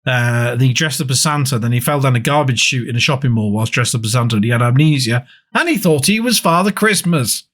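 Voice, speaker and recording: A man's voice: medium pitch, animated, a little fast, few pauses, a bit bright. A man from England co-hosting a podcast, telling rambling stories and swearing freely in casual chat. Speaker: podcast co-host.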